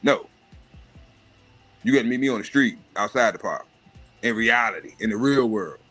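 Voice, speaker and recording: Brief: adult man, livestream host, blunt and animated, punchy bright tone. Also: mid-range voice, normal speed, faint music behind. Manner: profane, animated rant with mocking put-on voices. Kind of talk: casual monologue.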